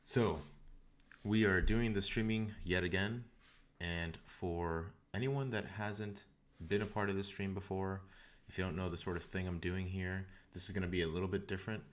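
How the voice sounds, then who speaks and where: A man's voice: low-pitched, steady tone, normal speed. A man talking casually on a coding live stream, rambling a little and often restarting and repeating words, into a desktop condenser mic. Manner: rambling, frequent self-corrections and repeated words. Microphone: desktop USB condenser mic.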